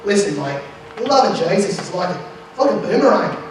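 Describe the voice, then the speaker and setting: A man's voice: sits high, very animated, fairly quick, heavy reverb, distant mic, a little hiss or hum, rough recording. A man playing a folksy male preacher with an Australian accent. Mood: preachy.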